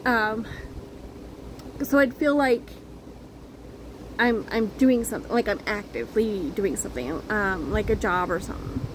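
A woman chatting earnestly to her viewers as a crochet vlogger, halting and restarting as she goes. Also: medium pitch, a little hiss or hum, low-quality recording. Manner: earnest, heartfelt. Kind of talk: casual chat to viewers.

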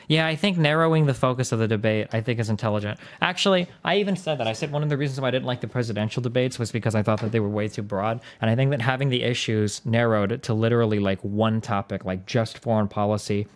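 A male streamer thinking out loud to his chat. His voice sits fairly low, and his words tumble out quickly. He keeps circling back and correcting himself, with filler words throughout. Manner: rambling, self-correcting, lots of "like" and "um". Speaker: streamer and debate host. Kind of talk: casual livestream chat.

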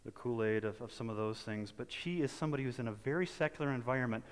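A male pastor preaching in a relaxed, conversational way, with folksy asides and frequent restarts. His voice sits at an ordinary middle pitch. A long church reverb trails after every phrase. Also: fast talker. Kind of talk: sermon. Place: church sanctuary.

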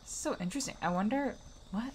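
A woman's voice: fairly high pitch, lively intonation, a little fast, darkish tone, a little hiss or hum. Chatty woman streaming a game. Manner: chatty, swearing, talks to herself. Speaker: streamer playing a video game. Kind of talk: casual live-stream commentary.

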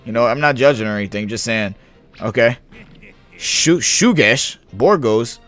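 A young adult man giving casual let's-play commentary, slangy and excitable, hyping and yelling at the game as he plays. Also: medium pitch, a little fast, soft background music. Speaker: gaming YouTuber.

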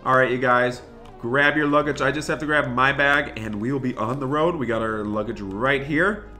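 A man narrating a game roleplay as an excited family dad, bossing his kids and scolding strangers. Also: medium pitch, normal speed, faint music behind.

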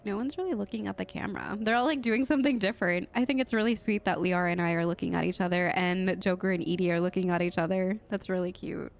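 A woman's voice: on the low side, quick pace, creaky, few pauses. A woman giving giggly, chatty casual commentary while playing a video game. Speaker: let's play streamer.

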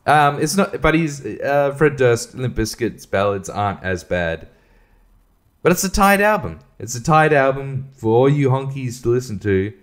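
A man's voice: mid-range voice, animated, normal speed. A man hosting a casual solo podcast, rambling and swearing freely, often breaking into laughter. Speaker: podcast host.

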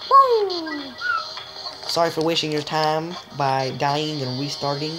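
A woman giving joking, excitable let's-play commentary, chatting straight to viewers and letting out sudden high yelps. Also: normal speed, low-quality recording. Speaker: gamer. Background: game music.

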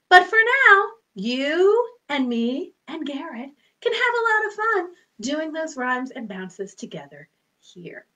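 Woman, children's librarian, high bright voice, unhurried delivery, sing-song rhymes for kids, bubbly and playful. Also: big pitch swings. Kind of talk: singing rhymes and movement songs for children. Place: home.

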